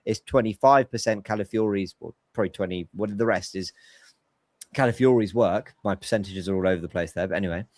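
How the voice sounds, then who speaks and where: A man's voice: fairly low pitch, a little fast, a little mellow, no room sound, clean studio sound. Man breaking down football tactics. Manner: analytical, explains tactics at length. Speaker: podcast host. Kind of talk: casual football podcast chat.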